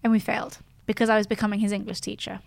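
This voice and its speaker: A woman's voice: medium pitch, little pitch movement, rapid-fire, creaky, dry recording. A woman, chatting casually and animatedly in a playful conversation. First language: French. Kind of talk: casual chat.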